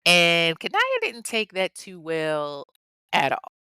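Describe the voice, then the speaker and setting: A woman's voice: lowish voice, expressive, takes it slowly, bright, forceful tone, smooth, dry recording. A woman casually telling a crime story in a sassy, profane way, talking straight to her listeners. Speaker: podcast host.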